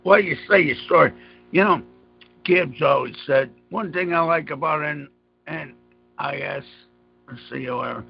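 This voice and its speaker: Profane rambling host, man, high gravelly voice, slightly dull recording. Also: unhurried, long pauses, soft background music. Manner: rambling, profane, stammering restarts. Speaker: podcast host. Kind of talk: casual profane banter.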